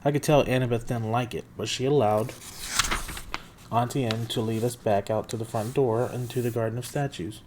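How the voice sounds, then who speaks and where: A man's voice: medium pitch, fairly even intonation, moderate pace, darkish tone, a little hiss or hum. A man reading a novel chapter aloud in first-person narration, with the occasional slip and restart. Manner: plain storytelling with occasional slips and restarts. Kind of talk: amateur audiobook reading.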